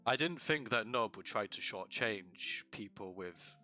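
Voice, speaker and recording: Guy doing a stern governor dude, quiet and firm, bit dismissive. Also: fairly low pitch, expressive, unhurried, soft background music, exaggerated voice. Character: stern male town governor.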